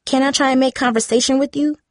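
A prying teenage girl with a smirk in her insistence, as a woman narrator puts her on. She talks slightly higher and louder than the plain reading, in a close, dry sound. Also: fairly even intonation, fast talker, no room sound, natural voice. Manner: insistent, needling.

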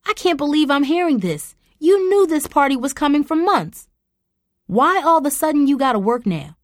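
A loud, indignant middle-aged mother scolding her daughter, her pitch climbing high as she fumes, put on by a woman reading a story. The sound is close and dry. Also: big pitch swings, normal speed, no echo.

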